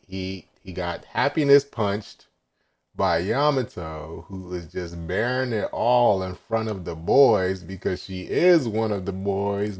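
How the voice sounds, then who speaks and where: A man hosting a casual live manga reaction, recapping scenes and quoting characters with laughs. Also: low voice.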